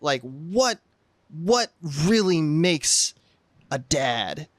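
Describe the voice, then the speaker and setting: Podcast co-host, male, slightly high voice, playful rambling banter, dry close mic. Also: sing-song, no room sound. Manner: playful, rambling, quick asides. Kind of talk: casual comedic chat.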